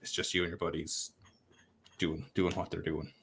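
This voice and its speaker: A man in casual podcast conversation about tabletop games. He thinks out loud, rambles with fillers and pokes fun at himself. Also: sits low, completely flat delivery, normal speed, gravelly, slightly rough. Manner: reflective, rambling with fillers, self-deprecating. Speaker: podcast co-host.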